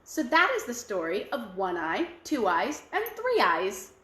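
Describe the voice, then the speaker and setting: A woman storyteller for a library, reading a fairy tale aloud in an animated, expressive way. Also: mid-range voice, a little slow, reverberant.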